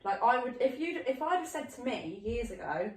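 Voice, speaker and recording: A woman hosts a podcast, talking frankly and easily with her guest. Her voice sits a little higher than usual for a woman. The recording is roomy and taken from some distance. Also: big pitch swings, a little fast, a little mellow. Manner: chatty, frank, agreeable listener. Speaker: podcast host. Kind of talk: casual chat.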